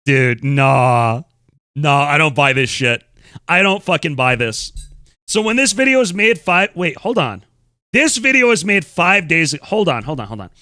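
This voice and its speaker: Animated, bright-voiced man streamer. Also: on the high side, dry recording, studio quality. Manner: blunt, incredulous, swears freely. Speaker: streamer host. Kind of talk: casual stream commentary.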